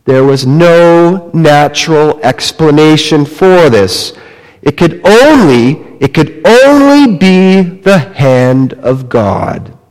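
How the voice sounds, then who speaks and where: A man preaching a sermon, retelling a story slowly and dramatically, dropping to a hush and rising again. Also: a little high, very animated. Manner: slow, dramatic storytelling with wide swings in loudness. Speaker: pastor. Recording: long reverb of a large hall.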